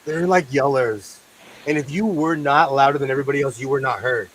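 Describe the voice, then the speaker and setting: A man's voice: medium pitch, brisk, a crowd in the background, low-quality recording. An American man chatting casually with friends, projecting his voice and laughing often. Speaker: podcast co-host. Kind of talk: casual group chat.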